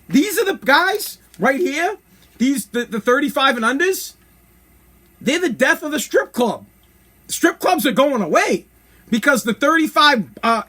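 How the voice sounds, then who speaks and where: Thirtysomething guy on a podcast, high voice, brash and blunt, rambles a lot. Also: fairly bright tone. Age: 30s. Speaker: podcast host. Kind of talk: casual comedic rant.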